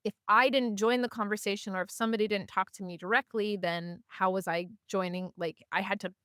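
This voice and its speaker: Woman, podcast guest, smooth clear voice, dry close sound, animated storyteller. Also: medium pitch, brisk, no echo. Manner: animated, acts out voices of people in her stories; chatty with many fillers. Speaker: podcast guest, community organizer. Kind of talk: casual storytelling in conversation.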